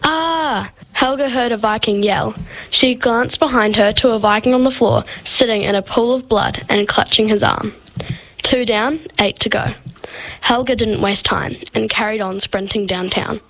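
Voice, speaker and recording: A woman reading a story aloud at a steady, measured pace. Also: mid-range voice, poor audio. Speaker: story reader.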